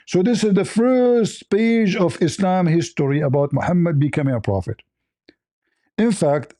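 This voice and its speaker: A man with a mellow, somewhat high voice hosts a call-in livestream, insistently arguing with a caller, mocking the other side's points and laughing at his own. The recording is dry and studio quality.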